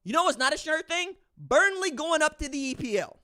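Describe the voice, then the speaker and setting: A man's voice: very high-pitched, big pitch swings, fairly quick, pushed and bright. A man hosting a sports podcast, delivering opinionated commentary as an incredulous, mocking rant. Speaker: podcast host.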